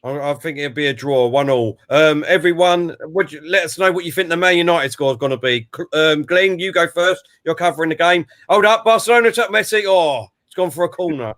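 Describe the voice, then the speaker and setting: A man's voice: on the high side, brisk, few pauses, a bit bright. A man hosting a casual football chat, talking in a friendly way with many hesitations and fillers. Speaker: host.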